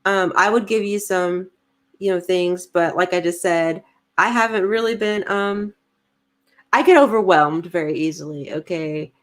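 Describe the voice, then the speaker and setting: A woman's voice: fairly low pitch, unhurried. A woman, co-hosting a casual livestream, chatty and giggly as she reads comments aloud. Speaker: podcast co-host reading live chat.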